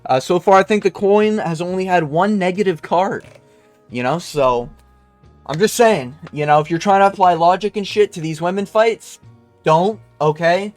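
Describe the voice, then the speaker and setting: A man's voice: high-pitched, normal speed, no room sound, faint music behind. A young man from Canada ranting casually and bluntly about fight results, crude and rambling with lots of fillers. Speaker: MMA commentator reviewing fight results. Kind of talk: casual profane rant.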